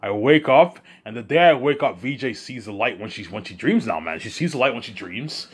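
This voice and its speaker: A man talking alone in a rambling monologue, repeating himself and swinging between loud outbursts and low mumbles. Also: lively intonation, brisk, breathy edge. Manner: repetitive, keeps saying "you know what I'm saying". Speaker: host of his own listening series.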